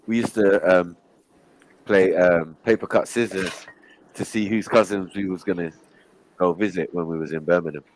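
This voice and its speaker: A man's voice: deep voice, steady tone, moderate pace, slight background noise, poor audio. A man in a casual podcast group chat, telling stories in a laid-back way and often asking if he is understood. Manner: laid-back, storytelling, keeps asking "you know what I mean". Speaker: podcast panelist.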